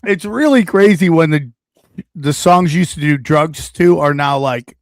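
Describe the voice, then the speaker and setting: Male podcast host, a bit high-pitched, jokey and fast-riffing. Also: dry recording, studio quality. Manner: joking, riffing, bursts into goofy put-on voices. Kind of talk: casual comedy podcast chat.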